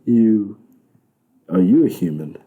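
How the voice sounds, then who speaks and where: A man's voice: fairly low pitch, slow pace, mellow. A man voicing an earnest male angel detective who questions people bluntly and directly. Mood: probing.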